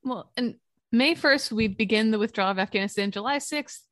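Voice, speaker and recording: Young woman co-host, earnest and impassioned, pitched a bit high, dry close sound. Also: brisk, fairly bright tone, dry recording. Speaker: podcast co-host. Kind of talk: casual political discussion.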